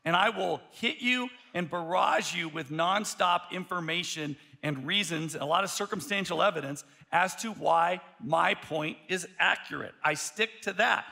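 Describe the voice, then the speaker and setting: A male pastor preaching a sermon, telling a story in an animated way, often restarting his sentences. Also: high-pitched, measured pace, vocal fry, hardly any pauses.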